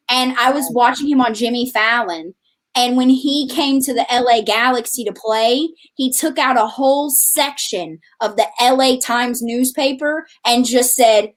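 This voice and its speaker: A woman with a Southern US drawl talks fast and animatedly as a podcast guest, laughing as she goes. Her voice sits fairly high. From American South. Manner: animated, chatty, laughs often. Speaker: podcast guest, romance author. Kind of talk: casual chat.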